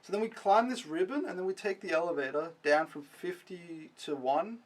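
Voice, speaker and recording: A man's voice: high voice, normal speed, recorded from a distance. Young man, casual vlog recap, rambling, self-mocking, swears, a bit off-mic. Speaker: vlogger.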